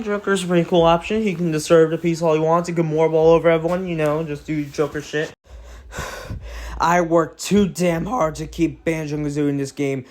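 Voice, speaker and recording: A teenage boy giving casual, profane video commentary, excitable and prone to sudden outbursts. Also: medium pitch. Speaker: gaming video creator.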